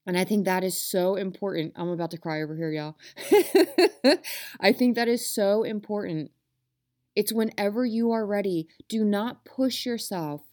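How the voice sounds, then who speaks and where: Woman host, motivational talk, earnest and passionate, mid-pitched voice, addressing listeners directly. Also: expressive, measured pace, darkish tone. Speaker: self-help podcast host.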